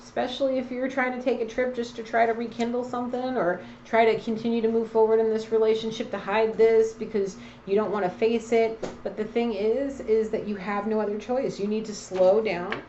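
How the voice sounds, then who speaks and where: A woman's voice: mid-range voice, darkish tone, slight background noise. Blunt, preachy woman card reader. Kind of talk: casual intuitive reading. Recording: echoey, slightly dull room sound.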